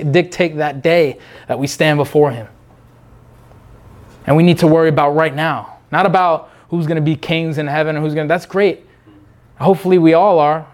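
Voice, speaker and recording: Man, preacher, high voice, fervent unscripted sermon, repeats himself, mimics other people briefly.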